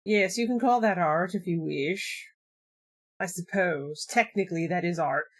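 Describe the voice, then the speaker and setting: A woman putting on the voice of a condescending elitist male artist in a slow, patronizing drawl. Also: on the low side.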